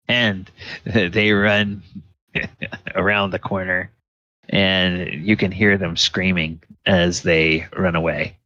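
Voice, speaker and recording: A man narrating a tabletop game as dungeon master, describing the scene in a halting way full of fillers. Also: sits low, level tone, bright, forceful tone, no echo, highs cut off.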